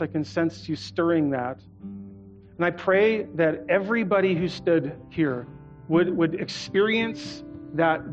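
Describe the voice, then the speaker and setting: A man preaching a sermon as a guest in a church, earnest and leading the congregation to repeat phrases after him. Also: fairly high pitch. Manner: earnest, leads congregation in call-and-response. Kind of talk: sermon with prayer. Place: church auditorium. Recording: muffled church recording with soft music.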